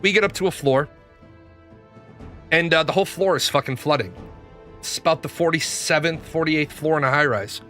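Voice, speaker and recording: A man with a fairly high, bright and forceful voice hosts a casual gaming stream. He talks bluntly, swears freely and rambles through his stories. Faint music plays behind him. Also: moderate pace, pauses often. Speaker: gaming show host. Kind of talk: casual livestream storytelling.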